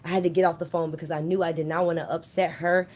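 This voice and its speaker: A woman's voice: on the low side, level tone, fast talker, a little mellow. A woman vlogger casually telling a personal story straight to her viewers, chatty and often calling them "you guys".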